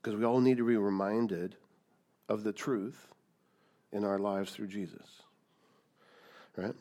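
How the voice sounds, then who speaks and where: A man's voice: lowish voice, fairly even intonation, slow pace, dark tone. A man preaching a sermon, emphatic, asking rhetorical questions and repeating key words. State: coughing, dry throat. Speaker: pastor.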